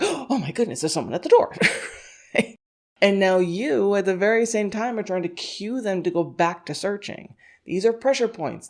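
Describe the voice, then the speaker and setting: A woman's voice: mid-range voice, a little mellow. A woman hosting a dog-training podcast, talking casually and laughing often as she acts out a dog's thoughts in little quoted voices. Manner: conversational, thinks aloud with "you know" and "like". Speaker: dog scent work instructor and podcast host. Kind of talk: casual instructional podcast talk.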